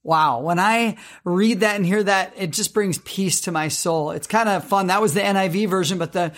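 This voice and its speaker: Man, high-pitched, earnest co-host of a faith marriage podcast, reads verses slowly. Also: a bit bright.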